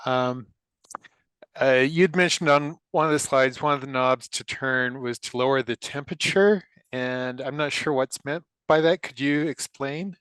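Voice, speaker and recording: A man with a smooth, clear voice and a dry, close sound moderates a video-call Q&A. He speaks haltingly, stumbling over repeated words as he thanks the speaker. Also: medium pitch, a bit bright, no room sound. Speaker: event moderator.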